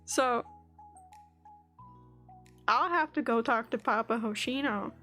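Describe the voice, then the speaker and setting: A woman's voice: fairly high pitch, takes it slowly, bright, forceful tone, faint music behind. A woman streamer in casual chat, telling an angry story full of swearing and frequent laughs, on a streaming mic. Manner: laughs often between lines.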